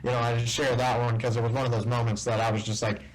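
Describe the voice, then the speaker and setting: A man as a guest in a casual interview, telling a story and acting out the dialogue with lively shifts in voice. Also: mid-range voice, quick pace, poor audio. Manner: animated storyteller who acts out quoted dialogue. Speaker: guest, tournament bass angler.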